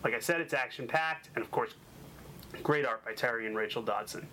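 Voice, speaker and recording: A man from Boston hosts a comic book talk show and reviews the week's issues with gushing, joking energy. His voice is bright and even in pitch. A faint hiss sits behind him. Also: fairly quick, poor audio. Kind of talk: enthusiastic comic review chat.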